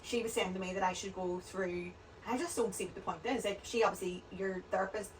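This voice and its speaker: Fast-talking woman. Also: medium pitch, steady tone, far from the mic, slight background noise, low-quality recording. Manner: rambling, chatty storytelling. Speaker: podcast guest. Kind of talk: casual chat.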